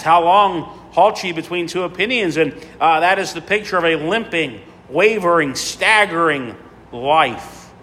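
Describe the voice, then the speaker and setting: A man's voice: fairly high pitch, pushed and bright. Preaching man in an echoing hall. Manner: preachy, repetitive cadence with many fillers. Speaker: pastor. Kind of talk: sermon. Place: church sanctuary. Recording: long reverb in a large hall.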